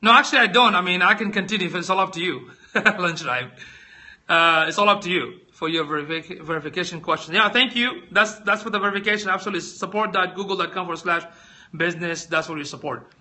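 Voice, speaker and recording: A man hosts a casual live stream, walking through tech products while chatting with viewers and firing lots of questions at them. His squeaky voice comes out fast, pushed, and bright as he speaks directly to his audience.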